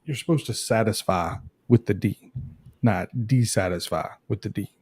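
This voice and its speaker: Male guest, warm mellow voice, dry close sound, hesitant delivery. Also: lowish voice, normal speed, slightly rough, dry recording. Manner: hesitant, self-correcting. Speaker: guest taster. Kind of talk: casual chat.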